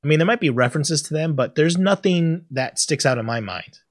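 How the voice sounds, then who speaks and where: A man co-hosting a podcast in a casual chat, animated, often laughing and acting out scenes in loud high bursts. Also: brisk, no echo, studio quality. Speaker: podcast co-host.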